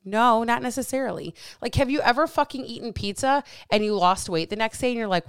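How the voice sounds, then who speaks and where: A woman's voice: on the high side, fairly quick, hardly any pauses, smooth, dry recording, studio quality. A woman hosting a solo podcast as a coach, talking bluntly with plenty of swearing and getting heated up. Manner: blunt, profane, fired-up; animated with hands.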